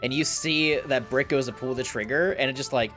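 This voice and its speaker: Male game master, bright voice, casual and profane. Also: medium pitch, fairly quick, faint music behind. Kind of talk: narrating a tabletop game.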